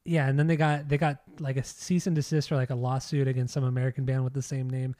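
A man's voice: medium pitch, little pitch movement, fast talker, dark tone, dry recording, studio quality. A man co-hosting a music podcast in casual chat, blunt and opinionated, swearing freely. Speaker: podcast co-host.

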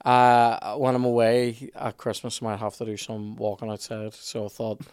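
A man with a Northern Irish accent, co-hosting a casual comedic history chat, rambling and halting. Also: mid-range voice, completely flat delivery, a little mellow, clear, resonant tone, no room sound, clean studio sound. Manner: rambling, halting, restarts often. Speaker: podcast co-host.

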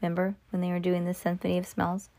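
A woman reading a storybook aloud, slow and expressive, stumbling now and then. Her voice sits low and the sound is dry and close. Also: no echo. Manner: slow, expressive, with small restarts. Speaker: reader. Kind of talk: reading a chapter book aloud.

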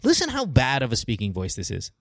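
Animated bilingual man on a podcast. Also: medium pitch, fast talker, dry recording, studio quality. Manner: animated, mixes English and Tagalog, laughs often. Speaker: podcast co-host. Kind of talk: casual banter.

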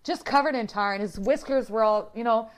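A woman telling a story in casual chat, animated, laughing often and swearing freely. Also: on the high side, a little fast.

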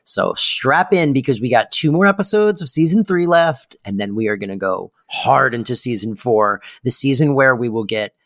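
A man co-hosting a podcast in casual chat, jokey and animated, sometimes jumping into high squeals for comic bits. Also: normal speed, few pauses, no room sound, studio quality. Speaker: podcast co-host.

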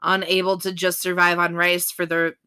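A chatty woman co-hosting a podcast, her voice bright and clear, set a little lower than most women's. She rambles loosely with many fillers and laughs easily. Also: completely flat delivery, normal speed. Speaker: podcast co-host. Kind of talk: casual chat recapping a reality show.

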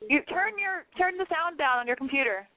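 A woman's voice: sits high, lively intonation, brisk. Chatty woman radio host on a thin line. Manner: chatty, rambling, blunt. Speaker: call-in show host. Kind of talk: casual call-in advice and banter. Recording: tinny phone-like line, dry.

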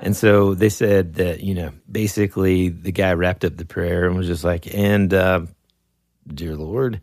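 Deep gravelly man telling a story. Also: moderate pace, no echo, clean studio sound. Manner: animated, laughs often, acts out yells. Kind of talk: casual storytelling chat.

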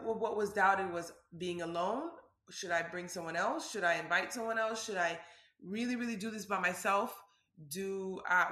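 A woman shares a personal story in a candid, conversational vlog. Her voice has a bright, forward edge at an everyday pitch. She drifts through casual filler words as she talks. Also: echoey room. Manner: open and conversational, frequent "like" fillers. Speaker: vlogger.

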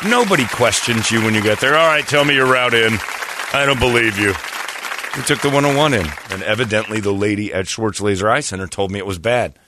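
A man hosting a radio show, chatting casually and telling a rambling, animated story with a jokey, irreverent edge. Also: lowish voice, fast, a crowd in the background, background noise. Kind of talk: casual on-air banter.

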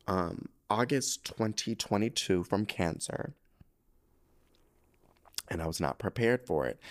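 A young man with a low-pitched voice hosts a podcast in a loose, camp, expletive-peppered chat. His voice swings widely up and down as he tells stories and reads a listener's letter, often near tears. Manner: animated, camp, swears freely, gets emotional while reading. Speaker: podcast host.

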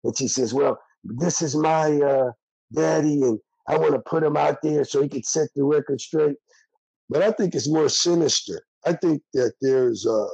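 An older man talks bluntly in a candid interview, streetwise and heated. His voice is gravelly and dark with a husky edge. The sound is close and dry. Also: medium pitch, no echo, poor audio. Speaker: interviewee, former prisoner.

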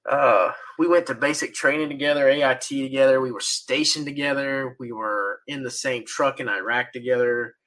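A man's voice: mid-range voice, fairly even intonation, normal speed, hardly any pauses, a bit bright, poor audio. Laid-back man on a podcast. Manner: laid-back, profane, laughs often. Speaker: podcast co-host. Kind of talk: casual chat.

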